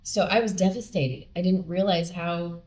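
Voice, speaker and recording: A woman guest telling a personal story in an animated way, acting out the dialogue she quotes. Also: on the low side, normal speed. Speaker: podcast guest; singer with a record contract.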